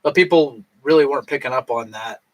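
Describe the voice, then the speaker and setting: A man in his thirties talking in a loose, rambling way while tipsy, swearing freely and mimicking other people in a higher voice. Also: fairly quick, very noisy. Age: 30s. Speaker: vlogger. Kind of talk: casual rambling monologue.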